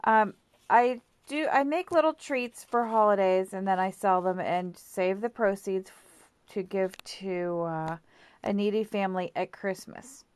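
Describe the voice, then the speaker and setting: A woman's voice: medium pitch, a little slow, smooth, dry recording. A woman giving a casual craft tutorial at home, chatty and rambling with lots of fillers, self-corrections and apologetic asides. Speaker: craft vlogger.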